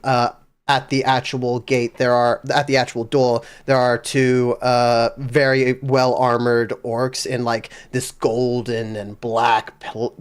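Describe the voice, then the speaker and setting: A man narrating as game master in a tabletop game, unhurried, with frequent fillers. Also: medium pitch, clean tone.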